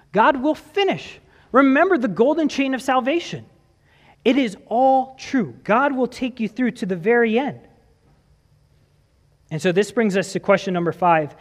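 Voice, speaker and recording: A man preaches in a church sanctuary, his voice sitting high and leaping up and down as he asks his listeners questions. He reads scripture between his points. A long reverb trails each phrase through the hall. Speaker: pastor. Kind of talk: sermon.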